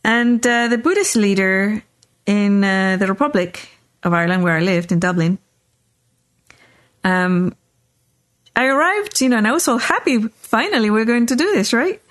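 A woman podcast host telling a story in casual chat, animated, often checking in with "right?". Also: mid-range voice, moderate pace, pauses often.

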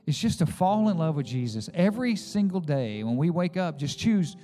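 A man's voice: a little high, sing-song, moderate pace, warm tone. A male pastor preaching a sermon, mixing personal stories with direct, conversational appeals to the congregation. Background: faint music.

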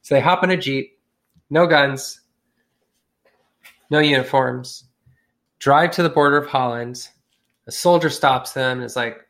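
A man spinning a comic story in loose, slangy, profane talk, with a mid-range voice. He jumps into quick voices for the people in his tale. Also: medium pitch, fairly bright tone. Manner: profane, slangy, acts out characters with shifting voices. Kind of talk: casual comedic storytelling.

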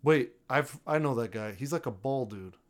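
A man's voice: medium pitch, expressive, normal speed. A young man in casual chat, laid-back with dry, teasing remarks. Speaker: co-host.

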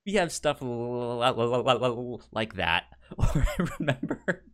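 A man's voice: medium pitch, very animated, unhurried, fairly bright tone, smooth. A man co-hosting a podcast in casual chat, stammering often and laughing through his stories. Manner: stammering, laughs a lot while telling stories. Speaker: podcast co-host.

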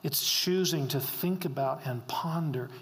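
A man's voice: fairly high pitch, a little slow. A middle-aged man preaching a sermon as pastor, earnest, repeating phrases for emphasis. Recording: long reverb of a hall.

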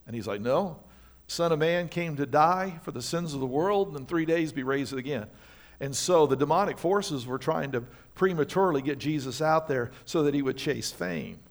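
A man's voice: sits high, fairly bright tone. A male pastor preaching a sermon in church, speaking emphatically and questioning the congregation directly. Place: church sanctuary.

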